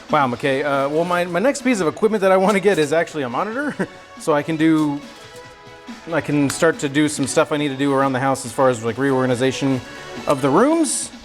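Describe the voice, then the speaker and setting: Streamer-chef: a man with a slightly high voice, jokey and chatty, music playing behind him. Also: expressive, brisk. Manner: joking, chatty, talks to himself while cooking. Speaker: livestream cooking host. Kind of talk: casual livestream chat. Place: home kitchen.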